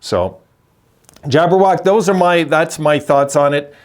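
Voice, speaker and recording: A man's voice: on the high side, a little slow. Blunt, rambling older man. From Quebec. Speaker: hockey channel host. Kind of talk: casual opinion vlog.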